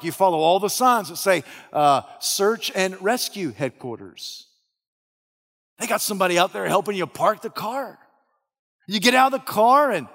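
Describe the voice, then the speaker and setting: Casting: a pastor with a high, gravelly voice, dramatic from whisper to shout, in a big echoing church. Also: male voice. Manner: storytelling in the second person, swinging from hushed to shouting. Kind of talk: sermon.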